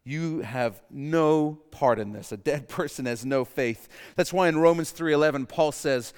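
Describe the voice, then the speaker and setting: A man preaching a sermon with passion, dropping to a hush and then rising to near shouts. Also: fairly high pitch, unhurried, few pauses, smooth, big-room sound. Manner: impassioned, swings from hushed to loud. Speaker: pastor.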